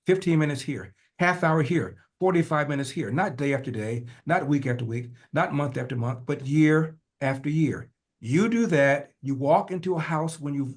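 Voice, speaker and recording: Older man telling a family story. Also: on the high side. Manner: animated, builds rhythm with repetition; acts out family dialogue in changing voices. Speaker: podcast guest. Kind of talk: personal storytelling.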